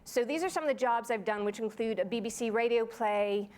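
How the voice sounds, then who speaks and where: Brief: lively female voice actor, higher voice, playful conference talk. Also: a little fast. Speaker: voice actor and panelist. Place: conference hall.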